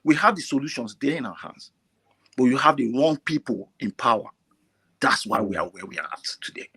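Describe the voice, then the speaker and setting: A man calling in to a talk show, speaking with emotion, repeating himself and rising to near shouts. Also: mid-range voice, lively intonation, fairly quick, breathy edge. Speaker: caller. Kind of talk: impassioned call-in commentary.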